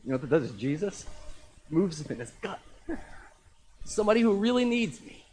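A middle-aged man preaches a sermon with a somewhat high voice. He speaks in a casual, conversational way. He stresses his points and often says them twice. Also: big pitch swings, fairly quick, a little mellow, a little hiss or hum. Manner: conversational, emphatic, repeats key phrases. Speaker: pastor.

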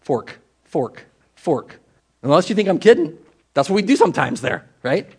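A male pastor preaches a sermon at a church service in a conversational way, moving between emphatic and hushed delivery. His husky voice sits on the high side and has a sing-song quality at a normal speed.

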